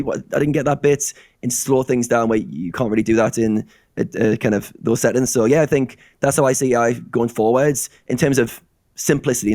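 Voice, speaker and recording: A man talks in a rapid, eager stream of casual chat. He slips into quick little acted-out exchanges as he goes. The sound is dry and close. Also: medium pitch, a little mellow, no echo. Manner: eager, rapid-fire, acts out dialogues.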